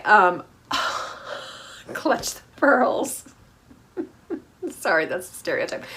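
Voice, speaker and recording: A woman's voice: medium pitch, gravelly, a bit bright. A woman hosting a casual reality TV recap, snarky and gossipy, laughing at the drama.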